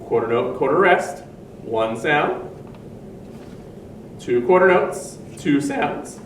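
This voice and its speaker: A man teaching a music lesson to children, his voice a little high and patient as he explains step by step and chants rhythm syllables. He sounds set back from the mic in an echoey room with a faint hum of ambience behind him. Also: expressive, slow, far from the mic.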